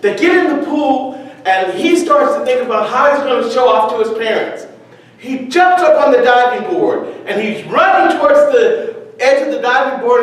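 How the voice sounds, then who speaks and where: A man's voice: very high-pitched, moderate pace. A man delivering a prepared motivational speech, telling a story and acting out its characters. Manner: storytelling with animated voices. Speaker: speech contest speaker. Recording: echoey hall, far from the mic.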